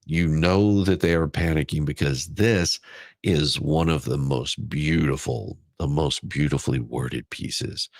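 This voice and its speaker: A man hosting a casual livestream, hoarse and raspy from a cold, chatty and thanking viewers. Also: rumbling low, dry recording, clean studio sound. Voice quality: raspy, gravelly. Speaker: livestream host.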